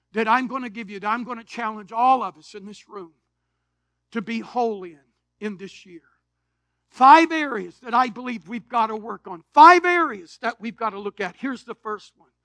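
Man, preacher, very high bright voice, dry close sound, lively sermon storytelling. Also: no echo. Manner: animated storytelling preacher, swings between shouts and quiet asides. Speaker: pastor. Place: church sanctuary.

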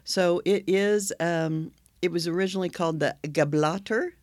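A man's voice: high voice, moderate pace, darkish tone, no room sound. A man from Oklahoma co-hosting a casual podcast, chatty and explaining at length with frequent laughs. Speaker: podcast co-host. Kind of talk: casual chat.

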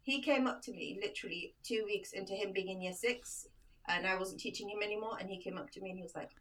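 A woman in her thirties, a teacher and podcast guest, chatting casually and acting out lively stories. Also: medium pitch, fast talker, far from the mic. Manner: animated storytelling, acts out quotes. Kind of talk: casual chat.

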